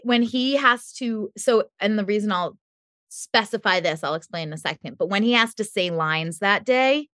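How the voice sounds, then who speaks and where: A woman guest on a podcast interview, telling lively stories about making her show and laughing often. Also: medium pitch, no room sound, clean studio sound. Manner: animated storytelling, laughs often.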